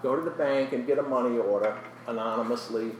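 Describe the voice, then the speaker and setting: A man's voice: medium pitch, steady tone, quick pace, echoey room, far from the mic, heavy background noise. Earnest man telling his testimony. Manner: earnest storytelling, often drops to a soft, emotional voice. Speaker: guest sharing his testimony. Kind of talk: personal testimony in a Christian interview.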